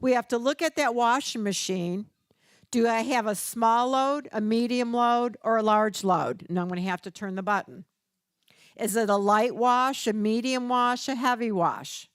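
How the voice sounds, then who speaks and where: A woman's voice: a little high, normal speed, smooth, no echo, clean studio sound. An older woman presenting a caregiving workshop, teaching through stories and acting out the people she quotes. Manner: storytelling, acts out quoted voices.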